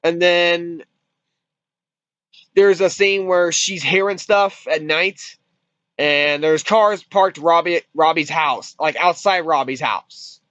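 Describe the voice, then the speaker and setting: A man's voice: a little high, steady tone, slow pace, pushed and bright, no room sound. A man casually retelling a movie's plot as a reviewer, rambling with restarts and swearing freely. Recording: dull lo-fi dry recording.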